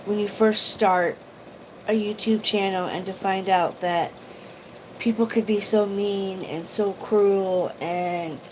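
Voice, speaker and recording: A woman talks through a casual livestream in an emotional, rambling way, stopping to greet viewers by name. Her voice sits at an ordinary middle pitch. A faint hiss runs under the recording. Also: steady tone, takes it slowly, darkish tone, rough recording. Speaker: YouTube vlogger.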